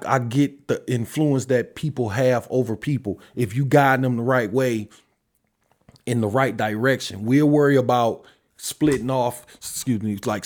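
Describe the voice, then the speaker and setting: A man hosting his own podcast and speaking his mind in a casual, heated rant. He is emphatic and profane, and his voice leaps upward on the points he presses before dropping into low, weary mutters. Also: darkish tone. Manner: heated, profane, emphatic, pitch jumping sharply when stressing points; trails off into sighs and low mutters. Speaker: podcast host.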